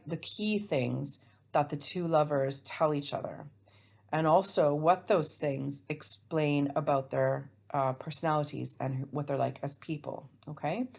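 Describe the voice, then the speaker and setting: Recording alone for students at home, a woman teaches a remote English lesson, explaining step by step in a chatty, self-mocking way. Her voice is low-pitched with a darkish tone.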